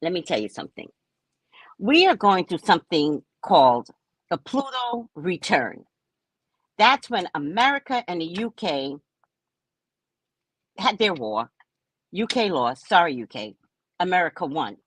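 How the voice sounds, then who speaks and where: A woman hosting a casual live stream, chatting with viewers by name in a lively, talkative way. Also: lowish voice, a little slow, pauses often, breathy edge, dry recording. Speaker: psychic live-stream host.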